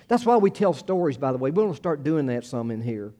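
A middle-aged American man giving a sermon, his voice a little higher than most men's yet soft and mellow in tone. He talks to the congregation like a friend, slipping in wry asides before climbing to emphatic high points. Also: lively intonation, a little fast. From United States. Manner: conversational preaching with asides and self-deprecating jokes; rises to emphatic peaks on key phrases. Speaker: pastor.

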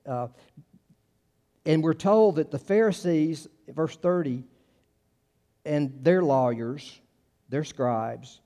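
A man's voice: medium pitch, mellow. A male pastor, preaching a conversational sermon full of restarts and acted-out quotes.

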